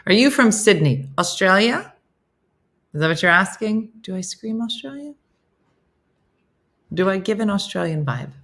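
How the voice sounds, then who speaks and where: A woman with a low, dusky voice hosts a relaxed morning livestream. She reads out viewer comments and chats about them, often poking fun at herself. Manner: chatty and self-mocking, breaks into laughter. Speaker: host of a morning livestream chat show. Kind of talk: casual live chat, reading viewer comments aloud.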